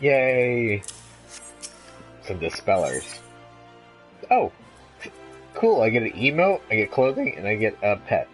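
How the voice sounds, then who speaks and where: A man casually commentating his game on a livestream and reacting aloud as he plays. His voice sits at an average pitch for a man. Faint game music runs underneath. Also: very animated, slow pace, long pauses. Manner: casual, chatty, reacts out loud. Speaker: let's play gamer.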